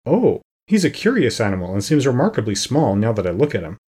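A man's voice: mid-range voice, very animated, fast talker, dark tone, breathy edge. A man reading an audiobook, voicing a huge timid male lion who is sad and self-pitying. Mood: plaintive.

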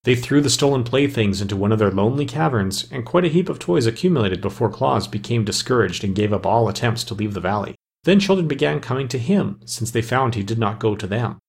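A man narrating a storybook aloud in a measured, even way. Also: medium pitch, gravelly, husky. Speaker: audiobook narrator.

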